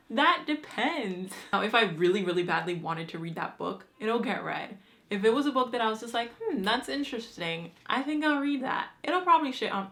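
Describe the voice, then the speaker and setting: A young woman chats through a book tag on her vlog, lively and informal. She talks with plenty of slang and drops the occasional swear word. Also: mid-range voice. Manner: chatty and animated, with slang and swearing. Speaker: book vlogger. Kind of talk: casual chat answering a book tag.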